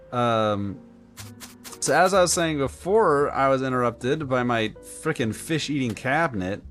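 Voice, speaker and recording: A man live-streaming a game, telling a rambling story in an animated, casual way with lots of filler words. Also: mid-range voice. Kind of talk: live-stream gameplay chat.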